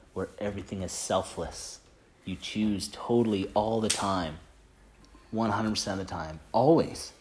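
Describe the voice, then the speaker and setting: A man with a fairly low voice gives a relaxed, earnest talk about faith. He rambles as he shares a testimony, leaning on filler "like"s and restarting his sentences, in the easy tone of a group leader chatting with friends. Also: slight background noise. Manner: earnest and conversational. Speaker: Christian team leader sharing a testimony.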